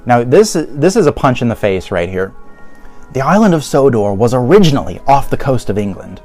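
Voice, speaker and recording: A man's voice: mid-range voice, very animated, a little fast, a little mellow, faint music behind. A man giving casual review commentary in a sarcastic, exasperated manner. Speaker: video reviewer.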